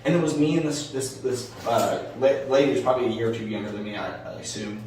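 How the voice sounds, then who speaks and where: A man co-hosting a podcast in casual chat, telling stories in an animated way, swearing casually and restarting his sentences often. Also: mid-range voice, quick pace. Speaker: podcast co-host. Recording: echoey room, distant mic, background noise.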